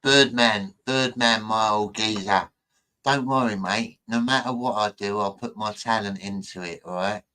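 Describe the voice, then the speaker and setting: A man with a fairly low voice, chatting casually on a stream. He rambles from one story to the next and brags with a wink. Recorded close on a desk mic. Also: a little slow, bright, forceful tone, poor audio. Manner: rambling, jokey and boastful. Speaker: streamer reacting to clips. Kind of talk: casual chat.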